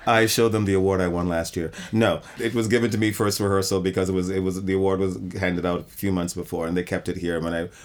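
A man's voice: low-pitched, level tone, fast, hardly any pauses. A middle-aged man, a theater director, talking reflectively in an interview and often restarting his sentences. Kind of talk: interview conversation.

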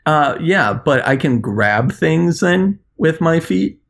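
A man on a podcast as its international correspondent, ranting in an animated, sarcastic way. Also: on the high side, slow pace, vocal fry. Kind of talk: podcast chat.

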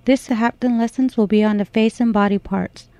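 A woman narrating a language lesson, explaining slowly and carefully. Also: a little high, steady tone, warm tone, no room sound. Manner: slow, measured explanation.

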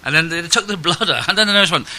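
A man's voice: fairly high pitch, quick pace, bright, forceful tone. A middle-aged male comedian chatting as a guest, rambling through stories with dry, sarcastic asides. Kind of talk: casual chat. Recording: live podcast at a comedy festival.

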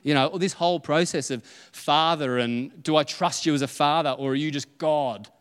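Pastor preaching in a reverberant church. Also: male voice, a little high, normal speed, clear, resonant tone. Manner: conversational storytelling preacher, acts out dialogue. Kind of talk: sermon. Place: church auditorium. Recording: long hall reverb.

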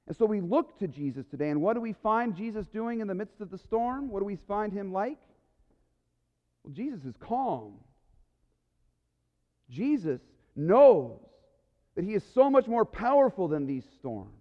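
Male pastor, high voice, heartfelt sermon, muffled sound in a reverberant church. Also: big pitch swings, moderate pace. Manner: earnest, emotional preaching with soft, quiet lows.

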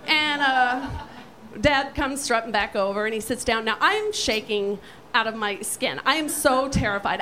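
High-pitched woman doing a loud, sweary funny story, bit of background hiss. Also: low-quality recording. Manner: brash, profane, animated storytelling. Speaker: storyteller guest. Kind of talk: comic storytelling.

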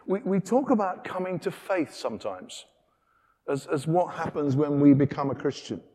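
A middle-aged British man preaching a sermon in a church, animated and acting out the characters' lines. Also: fairly high pitch, normal speed. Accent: British English. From Britain. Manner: animated, acts out dialogue with changing voices. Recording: long reverb of a church hall.

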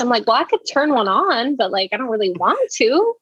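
Woman from the American South, higher voice, dull dry sound, casual podcast chat. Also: very animated, brisk, fairly bright tone, slightly rough, no room sound. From American South, New Orleans. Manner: laughing often, swearing casually. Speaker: podcast co-host.

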